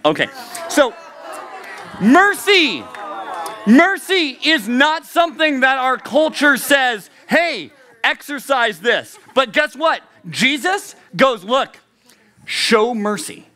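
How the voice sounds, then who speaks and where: A man in his thirties preaching a youth sermon, animated and joking, who jumps into high comic voices. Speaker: youth pastor.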